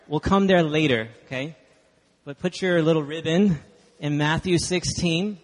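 A man from Texas, preaching a sermon as guest speaker, chatty and emphatic with the congregation. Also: a little high. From Dallas, Texas. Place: church hall. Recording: long hall reverb.

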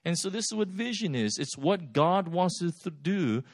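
Animated pastor telling a story. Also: male voice, sits high, moderate pace, no echo, studio quality. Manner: animated, lively storytelling with laughs. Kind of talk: sermon storytelling.

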